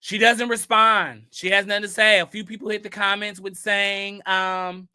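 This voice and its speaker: A man with a bright, high pitch hosts casual gossip talk at a moderate pace with few pauses, reading posts and replying with emphatic, sassy rhetorical questions. The delivery is smooth and steady in tone, yet sharp and pointed all the way.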